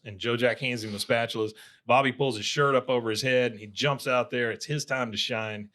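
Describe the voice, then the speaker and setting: A man co-hosts a casual podcast, walking through a cartoon episode scene by scene. He talks in a loose, chatty way with plenty of "uh"s and laughs along as he goes. His pitch sits right in the middle for a man. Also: fairly even intonation, moderate pace, bright, forceful tone. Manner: chatty, laughs often, lots of fillers. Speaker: podcast co-host.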